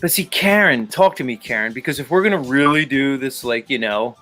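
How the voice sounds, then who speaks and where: A man's voice: mid-range voice, brisk, bright, forceful tone, soft background music. A man hosting a livestream, chatting casually and crudely as he greets viewers and reads their comments. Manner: crude, joking, rambling. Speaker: livestream host.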